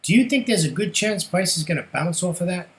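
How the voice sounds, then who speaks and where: A middle-aged man giving a casual trading lesson over his charts, chatty and quick to ask rhetorical questions, tagging "right?" onto his points. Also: high-pitched, animated, rough recording. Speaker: forex trading educator.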